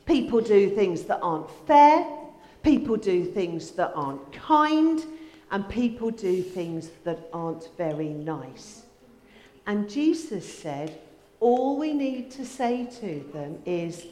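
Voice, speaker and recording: A woman leads a children's address in church, telling a story in a gentle way. Her voice is fairly high and swings up and down a lot, and she takes her time. The sound carries a long, roomy church-hall echo. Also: very animated, slow pace. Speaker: children's talk leader. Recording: echoey hall with long reverb.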